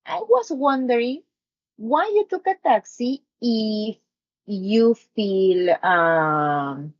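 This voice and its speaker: A woman teaching English grammar on a live stream, slowly repeating example sentences and checking with "no?". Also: mid-range voice, darkish tone, highs cut off. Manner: explains slowly, repeats examples, asks "no?" often.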